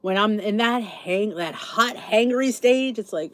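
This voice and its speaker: A woman's voice: medium pitch, a little slow, fairly bright tone. A middle-aged woman hosting a podcast, chatting in a rambling, sleepy way as she thinks aloud and answers comments. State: sleepy, yawning. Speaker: podcast host. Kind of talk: casual chat reading live comments.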